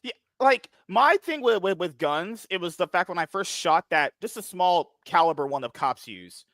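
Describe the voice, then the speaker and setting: Podcast co-host guy, high voice that jumps all over, bright, agreeable, dry mic. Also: lively intonation, moderate pace, no room sound. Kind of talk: casual chat.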